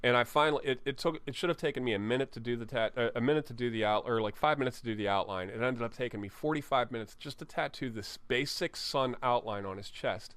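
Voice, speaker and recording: A man's voice: medium pitch, quick pace, hardly any pauses, a bit bright, clear, resonant tone, no echo. Man, tattoo artist, interview storytelling, candid and profane, resonant, dead dry sound. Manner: candid, profane anecdotes with frequent restarts. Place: tattoo studio.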